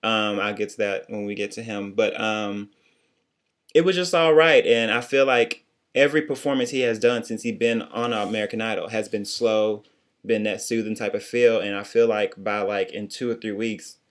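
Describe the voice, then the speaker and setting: A young man talking in a lowish voice, trading casual critiques with a friend. His delivery is blunt and sassy, full of quick asides and playful digs. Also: fairly even intonation. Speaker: co-host reviewing singing contest.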